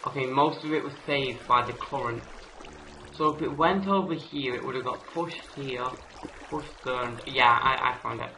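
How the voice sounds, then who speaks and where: A man commenting on his own gameplay in an excitable way, yelping and raging at enemies. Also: medium pitch, moderate pace, vocal fry, a little hiss or hum, low-quality recording. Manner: excitable, yelps and rages at enemies. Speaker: gamer. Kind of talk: let's play commentary.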